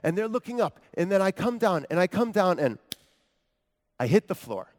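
A man playing a lively paralyzed man from Capernaum. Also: high voice, normal speed. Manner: expressive storytelling with wry asides to the congregation. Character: paralyzed grown man from Capernaum, earnest, wry. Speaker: preacher in character. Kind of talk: first-person dramatic monologue sermon. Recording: long hall reverb.

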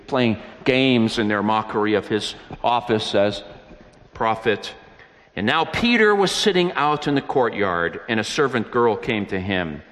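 A man's voice: fairly low pitch, lively intonation, measured pace, fairly bright tone. A man preaching a sermon, retelling scripture with earnest, emphatic storytelling. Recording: reverberant hall.

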